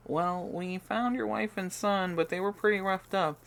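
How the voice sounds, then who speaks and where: A man's voice: high voice, steady tone, normal speed, creaky, fairly bright tone, voice pushed up. An audiobook narrator, a man, voicing a nervous, earnest young girl adventurer in a raised voice.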